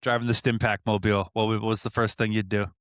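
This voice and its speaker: A man's voice: lowish voice, level tone, fast talker, fairly bright tone, dry recording, clean studio sound. A Canadian man co-hosting a podcast, chatting casually, laid-back, swearing and laughing often. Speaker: podcast co-host, music producer. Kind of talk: casual chat.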